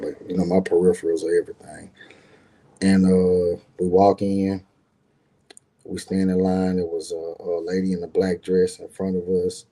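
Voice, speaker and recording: A man's voice: sits low, dark tone. A man telling a personal story in casual talk, rambling and repeating words, acting out the people he quotes. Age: adult with grown son.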